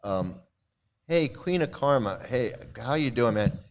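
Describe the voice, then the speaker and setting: A man hosting a casual video commentary, talking in an animated, repetitive, indignant way. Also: mid-range voice, a little slow. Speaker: host.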